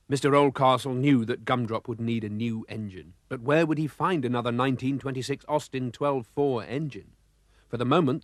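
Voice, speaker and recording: A man narrating a children's storybook cartoon, expressive and voicing the sound effects himself. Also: medium pitch, no echo, studio quality.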